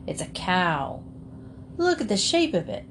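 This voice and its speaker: A woman's voice: fairly low pitch, huge pitch swings, unhurried, fairly bright tone, slight background noise, full character voice. A woman voicing a stubborn little country man who argues back, in a storybook reading. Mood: arguing. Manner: argumentative.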